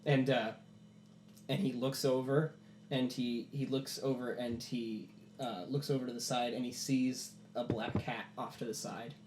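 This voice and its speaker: A man narrating a tabletop game as game master, in animated storytelling. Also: mid-range voice, a little slow, roomy sound, a little hiss or hum. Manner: animated storytelling, many "like" fillers.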